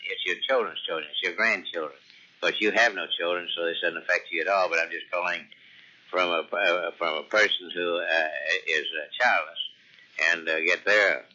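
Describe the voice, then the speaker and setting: A man's voice: deep voice, bright, forceful tone, heavily acted. A man voicing a pompous Texan billionaire politician who rambles and stumbles on an answering machine, with a Texas accent. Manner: rambling, halting, full of ums. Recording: dull lo-fi answering machine tape.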